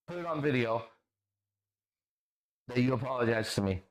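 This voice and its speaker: Brief: male stream host, mid-pitched, blunt and profane, lectures his critics. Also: expressive, normal speed, pauses often. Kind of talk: livestream reading and answering chat comments.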